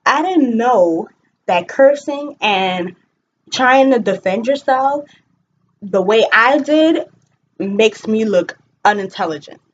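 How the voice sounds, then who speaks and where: Animated young woman telling a story. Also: medium pitch, highs cut off, a little hiss or hum. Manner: animated, frequent fillers, voices others in quotes. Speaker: vlogger. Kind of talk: casual storytime vlog.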